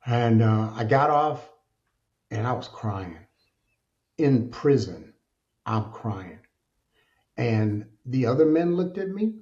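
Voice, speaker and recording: A middle-aged man tells his story with candor, his voice dark and mellow. He speaks in an earnest, colloquial way and grows animated in places. The recording is dull and slightly lo-fi. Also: mid-range voice, slow pace, long pauses. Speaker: podcast guest. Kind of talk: candid personal storytelling. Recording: dull lo-fi sound.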